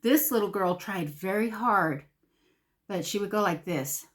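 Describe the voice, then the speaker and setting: A woman's voice: mid-range voice, a little slow. A middle-aged woman telling a rambling, conversational story to camera in a casual vlog. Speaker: beauty vlogger.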